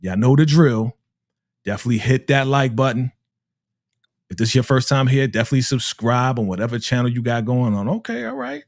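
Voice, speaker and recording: A man's voice: medium pitch, fairly quick, no room sound, studio quality. A man hosting a live recap stream who is hyped and repeats his greetings over and over in casual chat.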